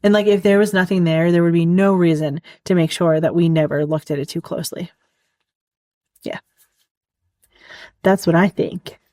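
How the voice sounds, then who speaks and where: A woman's voice: fairly low pitch, steady tone, normal speed, long pauses, mellow, dry recording. Rambling, giggly woman podcaster, dry close mic. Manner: rambling, giggly, many "like" fillers. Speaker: podcast host. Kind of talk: casual solo podcast monologue.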